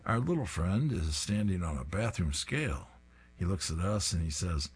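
A man's voice: deep voice, expressive, normal speed. A man reading comic strips aloud, describing each panel with an amused tone. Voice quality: husky.

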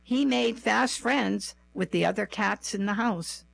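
A woman's voice: medium pitch, creaky, dry recording. A woman reading a first-person memoir aloud, with wry, self-mocking humor. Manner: wry, unhurried storytelling with a dry, self-mocking tone. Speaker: storyteller.

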